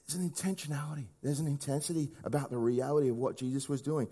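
A man preaching a sermon in a conversational way, often asking rhetorical questions and swinging between hushed low lines and raised emphatic ones. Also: fairly even intonation, quick pace, hardly any pauses, husky.

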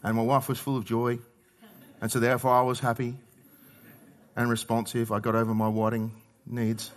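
A middle-aged Australian man preaching a sermon in a conversational way, swinging between loud emphasis and quiet asides. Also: medium pitch, completely flat delivery, moderate pace. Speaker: pastor.

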